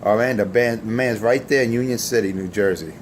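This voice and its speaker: Man, lowish voice, CB radio host, taunting, profane, boastful, faint hum behind. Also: a little fast. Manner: taunting, profane and self-assured. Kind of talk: boastful on-air trash talk.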